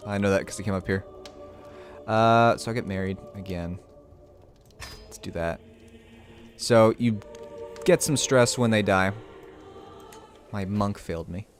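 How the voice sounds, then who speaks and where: A man giving casual live commentary while streaming a strategy game, thinking out loud and reading the game's text aloud. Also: fairly low pitch.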